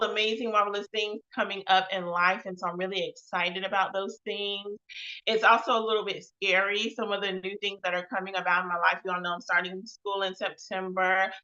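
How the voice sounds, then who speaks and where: Woman, livestream host, upbeat and loud, bright voice, dull lo-fi audio. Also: medium pitch. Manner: chatty, upbeat and loud, calls out to the chat. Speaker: host of a live web show. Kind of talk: casual livestream chat.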